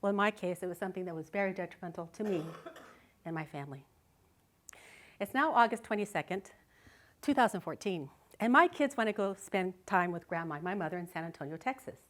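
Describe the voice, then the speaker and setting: A woman's voice: lowish voice, a little fast, fairly bright tone. A middle-aged woman giving a live talk, telling a personal story vividly and expressively, often laughing. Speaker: speaker. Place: live speaking event.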